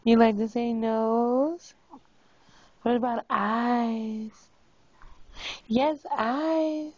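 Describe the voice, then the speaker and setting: Woman parent, slow and husky, coaxing single words, dull lo-fi home video. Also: a little high, steady tone, a little mellow, dry recording. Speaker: parent teaching a baby words. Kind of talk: home video talking to a baby.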